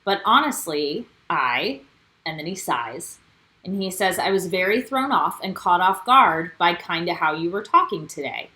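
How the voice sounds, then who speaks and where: A woman's voice: fairly low pitch, measured pace, poor audio. Chatty woman co-hosting a recap. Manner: animated, quotes cast members. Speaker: co-host. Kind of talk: casual recap chat.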